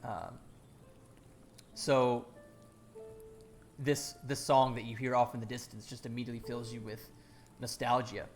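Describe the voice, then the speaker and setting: A man narrating as game master of a tabletop fantasy game, halting and full of fillers and restarts. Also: medium pitch, little pitch movement, soft background music.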